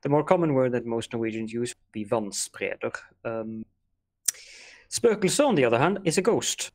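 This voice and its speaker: A man from Norway co-hosting a casual podcast. He picks his words carefully and sounds slightly formal, pausing on hesitant fillers as he goes. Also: medium pitch, animated, a little mellow. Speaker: podcast co-host. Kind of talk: casual chat.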